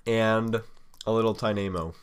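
A young man with a slightly low voice chats loosely as he plays an online card game, teasing his slow opponent and complaining about the wait. His talk is rambling and playful, now and then muffled by chocolate he is chewing. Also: steady tone, clean tone. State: eating chocolate while talking. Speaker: let's play host. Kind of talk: casual gaming commentary.

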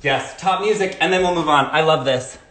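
Male dance teacher, live-streamed class, counts steps, chatty asides, slightly high voice, distant phone mic in a very echoey room. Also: a little fast, a bit bright.

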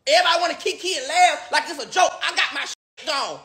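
A man's voice: extremely high pitch, fast, sharp tone. A man, ranting and then pleading on a livestream, swearing and repeating himself. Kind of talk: livestream rant. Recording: echoey room.

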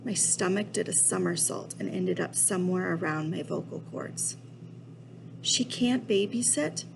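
A woman reading a children's novel aloud in a steady, expressive storytelling voice. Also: fairly low pitch, normal speed, creaky, noisy background. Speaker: reader.

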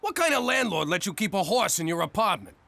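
A man's voice: high-pitched, very animated, quick pace, gravelly, sharp tone, no room sound, exaggerated voice. A man voicing a blunt, wisecracking male card player in an adult cartoon. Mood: wry.

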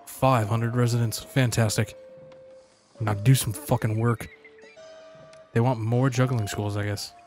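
A man's voice: medium pitch, steady tone, measured pace, pauses often, darkish tone. A man rambles through a city-building game in casual commentary, swearing freely and heckling the little townsfolk. His tone is sarcastic and loose. Faint game music plays underneath. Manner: profane, sarcastic, talks to game characters. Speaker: gaming channel host.

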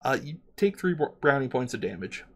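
A man's voice: medium pitch, big pitch swings, fairly quick. A man narrating a tabletop game as game master, rambling with many fillers and restarts.

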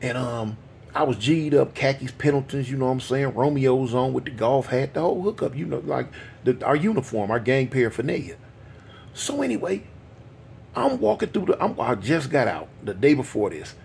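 A man's voice: mid-range voice, big pitch swings, normal speed, vocal fry, darkish tone, slight background noise. A man, telling a street story in a rambling, conversational way full of asides. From Los Angeles. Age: 50s.

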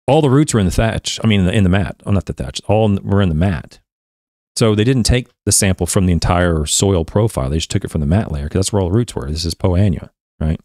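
Excitable man reading a paper aloud. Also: low voice, dry recording, clean studio sound. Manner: excitable, stumbling over words, restarts often. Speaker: podcast host reading a research paper.

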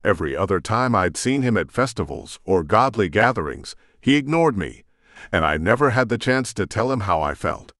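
A man's voice: fairly low pitch, big pitch swings, moderate pace, a bit bright, no echo, clean studio sound. A man narrating a first-person audiobook with tense, emotional storytelling.

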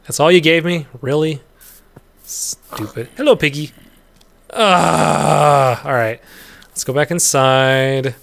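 Chatty let's-play man, slightly high voice. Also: fairly even intonation, slow, creaky, slight background noise. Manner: chatty and rambling, talks to creatures in the game; laughs easily, bursts into loud yelps. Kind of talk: casual gameplay commentary.

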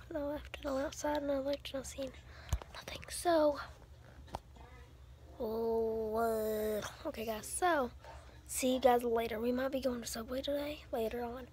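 A woman chatting casually in a home vlog, rambling and often dropping into a hushed whisper. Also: sits high, a little fast. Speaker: vlogger. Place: home bedroom. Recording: noisy home recording with clicks.

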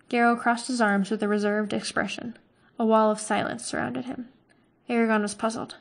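A woman reading a fantasy novel aloud, chapter by chapter, in a steady, unhurried way. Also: a little high, creaky. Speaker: reader.

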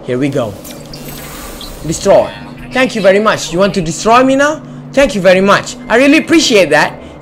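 A man's voice: sits high, sing-song, normal speed, a little hiss or hum. A man hosting a casual let's-play video, chatting playfully as he explores, joking and talking back to the game. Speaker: gamer and channel host.

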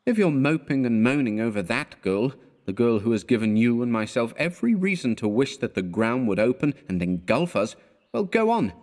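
A man's voice: mid-range voice, very animated, a little fast, long reverb tail, voice pushed up, natural voice. A man voicing an exasperated young male art student who scolds his friend with scorn. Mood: scornful.

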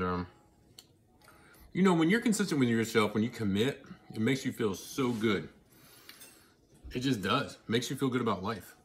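A man talking casually to his viewers while he eats, chatty and excitable, with mouthfuls and happy murmurs between his sentences. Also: medium pitch. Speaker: vlogger. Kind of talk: casual eating vlog.

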